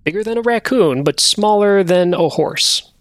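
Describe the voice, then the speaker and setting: A man running a tabletop game as game master, narrating scenes in a relaxed conversational way. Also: sits high, normal speed, dry recording, clean studio sound.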